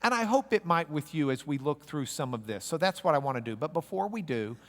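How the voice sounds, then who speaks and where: Male Bible teacher, animated and playful, slightly high voice, hall reverb. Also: brisk. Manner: jokey, animated teaching with audience call-and-response. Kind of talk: classroom lecture. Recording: echoey hall recording.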